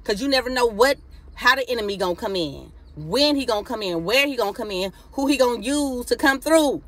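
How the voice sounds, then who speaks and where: A woman with a slightly high voice preaches live into her phone, fervent and exhorting. She peppers every thought with hallelujah and talks in a loose, casual way. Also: lively intonation, fairly quick, fairly bright tone. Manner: fervent, repeating hallelujah, casual Southern-style speech. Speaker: preacher on a Facebook live stream. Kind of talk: spontaneous live-stream preaching.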